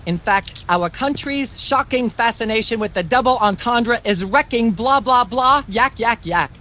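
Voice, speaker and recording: A woman's voice: a little high, a little slow, a bit bright, a little hiss or hum. An actress playing a pompous female talk show host in a video game, haughty and prone to droning on.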